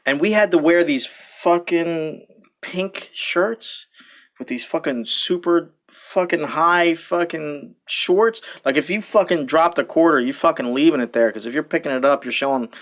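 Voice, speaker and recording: A man's voice: on the high side, moderate pace, fairly bright tone. A man hosting a podcast, telling profane, rambling stories in casual chat and laughing often. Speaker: podcast host.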